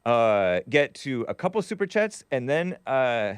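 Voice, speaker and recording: Hosting a live talk show stream, a man reads out viewer chats with wry humor and frequent laughter, sometimes trailing off before starting over. He has a medium-pitched, very animated, smooth voice, unhurried and dryly recorded.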